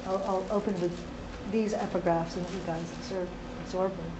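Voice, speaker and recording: A woman in her thirties, an academic reading her research talk aloud in a seminar room, measured and literary with occasional off-script asides. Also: fairly low pitch, steady tone, dark tone. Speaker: academic lecturer. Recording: dull lo-fi lecture recording, faint noise.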